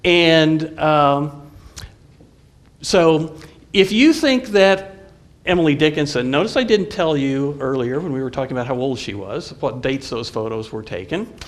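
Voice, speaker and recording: A college professor lectures a live audience in a friendly, halting manner, often using fillers and restarting sentences. His voice is fairly high and expressive.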